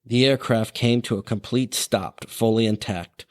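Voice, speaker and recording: A man hosting a podcast, his voice sitting a little low. He narrates in a relaxed, conversational way, adding fillers and side remarks as he goes. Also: a little slow. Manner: casual, with fillers and asides. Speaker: podcast host.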